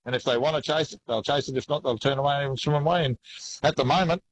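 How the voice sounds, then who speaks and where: A man with an Australian accent, a fishing guest chatting casually in a relaxed, folksy way. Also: fairly high pitch, quick pace, poor audio. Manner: relaxed, folksy, keeps saying mate. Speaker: angler guest. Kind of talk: casual interview chat.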